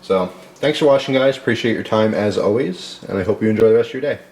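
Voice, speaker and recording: A man hosting a casual home cooking video, talking loosely with many fillers and pausing to taste. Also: lowish voice, a little mellow. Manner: rambling, loose, tasting food mid-talk with filler words.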